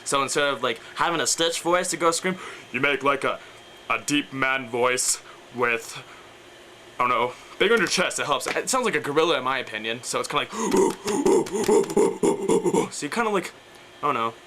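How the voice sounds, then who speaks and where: A young man talking through a casual vocal tutorial, rambling and unsure, with a bright, forceful edge to his voice. A faint hiss of noise sits behind him. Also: mid-range voice, lively intonation, brisk, rough recording. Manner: rambling, hesitant, lots of fillers, breaks into screams and growls.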